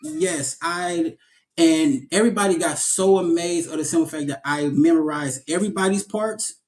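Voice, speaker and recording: A man talking casually in an interview about his own life. His voice sits a bit high for a man, and he tells his stories with animation, doubling back and repeating words as he builds up. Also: lively intonation, normal speed, a crowd in the background. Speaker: actor, interview guest.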